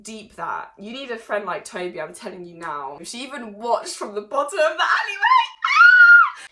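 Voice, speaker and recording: Young girl doing a storytime, bright clear voice, chatty and animated, gets loud when she laughs. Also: mid-range voice. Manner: chatty and animated, with laughs and sudden bursts of loudness. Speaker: vlogger. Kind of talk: casual storytime to camera.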